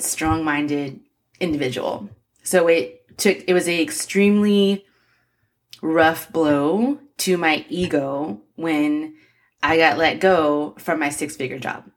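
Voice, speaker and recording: Earnest woman in her forties, lowish voice. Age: 40s. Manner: earnest, emotional, encouraging, laughs often. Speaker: podcast host. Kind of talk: motivational podcast monologue.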